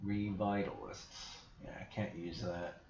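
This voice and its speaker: A man's voice: low voice, level tone, takes it slowly, a little mellow, a little hiss or hum. A man hosting a casual livestream, thinking aloud in a rambling, self-interrupting way and swearing casually. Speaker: livestream host. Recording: echoey, dull lo-fi stream audio.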